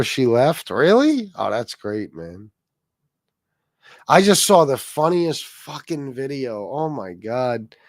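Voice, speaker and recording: A man's voice: medium pitch, a little mellow, no room sound. A man hosting a casual livestream, rambling, swearing freely and reacting to chat comments. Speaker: livestream host.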